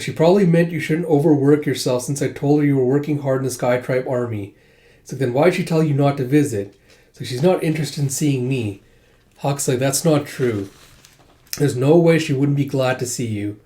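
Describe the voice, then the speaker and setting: A man's voice: mid-range voice, warm tone. A man casually recapping a manga volume, acting out the characters' lines in raised voices as he goes. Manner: chatty, acts out characters' lines in lifted voices. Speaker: manga reviewer.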